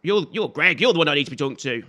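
A man's voice: on the high side, expressive, very fast, bright, forceful tone. A man giving chatty, jokey let's-play commentary and scolding the enemies on screen. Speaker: gaming video host.

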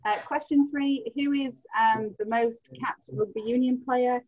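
Female quiz host on a video call, higher voice, relaxed, chatty delivery, dull lo-fi audio. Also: a little slow, background noise. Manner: chatty, laughs easily, stretches out answers.

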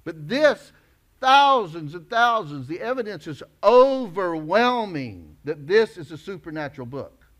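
A male pastor preaching a sermon emphatically, rising to loud declarations and dropping low. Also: very animated, measured pace.

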